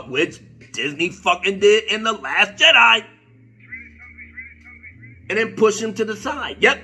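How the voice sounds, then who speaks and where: A man rants on camera in a high, bright voice with a husky edge, cursing freely and full of slang. His delivery is animated and unscripted. Faint music plays underneath him. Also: measured pace, long pauses. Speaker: video commentator. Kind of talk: unscripted rant commentary.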